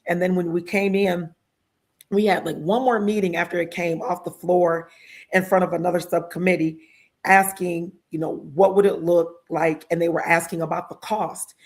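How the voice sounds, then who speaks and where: Lower-voiced woman, animated heartfelt storyteller. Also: normal speed. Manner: animated, acts out other people's lines in her retelling; heartfelt and emotional, with religious exclamations. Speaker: guest. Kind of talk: conversational storytelling interview.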